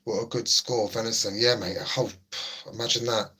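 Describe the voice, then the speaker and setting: Speaking a little fast in a lowish, husky voice with a sharp but steady tone, a middle-aged man hosts a casual livestream. He goes through the chat and answers viewers in relaxed, chatty banter, often saying things twice.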